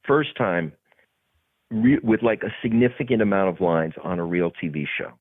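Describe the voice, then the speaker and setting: A man's voice: sits low, moderate pace, no echo. A man, a guest actor, telling stories in an interview and acting out the people in them. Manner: animated, acts out the other people in his stories. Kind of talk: storytelling in an interview. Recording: tinny phone-like sound, dry.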